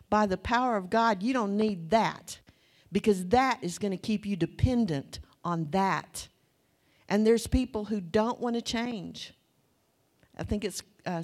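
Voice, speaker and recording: Older Southern woman, Bible teacher; warm conversational preaching, mid-pitched, folksy storytelling. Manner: conversational, anecdotal, folksy asides. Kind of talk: sermon.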